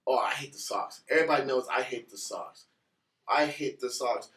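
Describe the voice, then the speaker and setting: A man from New York in casual chat, animated and swearing, repeating himself when heated. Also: mid-range voice, moderate pace. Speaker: podcast guest. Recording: echoey room, distant mic.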